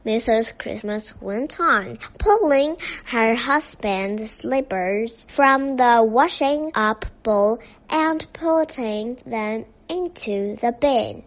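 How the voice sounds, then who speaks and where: Chinese-native woman reading a kids story, super slow, careful, kinda muffled audio. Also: fairly high pitch, expressive. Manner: slow, careful read-aloud. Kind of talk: reading a children's story aloud. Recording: dull lo-fi recording.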